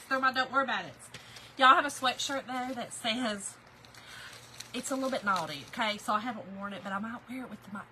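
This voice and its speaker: A woman's voice: medium pitch, pushed and bright, a little hiss or hum, rough recording. A woman hosting a chatty live stream, greeting viewers by name, laughing easily and getting emotional.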